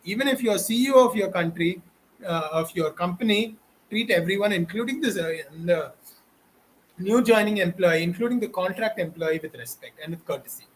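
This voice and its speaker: Indian-accented man, high voice, fervent exhorting lecturer, faint hiss underneath. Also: normal speed, rough recording. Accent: Indian English. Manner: preachy, exhorting, repetitive. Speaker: online educator. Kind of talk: impassioned direct-to-camera talk.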